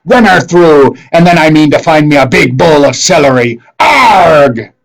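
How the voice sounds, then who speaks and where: A man putting on a bellowing gruff pirate captain. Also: on the high side, lively intonation, measured pace, pitched above the performer's own voice, full character voice, low-quality recording. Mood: blustering. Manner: growling, bellowing pirate talk. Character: gruff burly male pirate captain, blustering.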